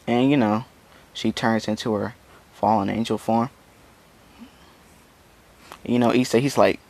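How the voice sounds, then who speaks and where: Low gravelly guy rambling thru a fan story, lots of you knows. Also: steady tone, a little slow, pauses often, no echo. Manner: rambling, full of "you know" fillers. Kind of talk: casual fan-story retelling.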